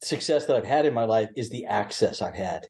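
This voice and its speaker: An older man from the American South, a guest in a podcast interview, telling animated showbiz stories and laughing often. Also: fairly low pitch, a little fast. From Southern US (Mississippi, born in Louisiana). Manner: laughs often, excitable, lively anecdotes. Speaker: guest, actor.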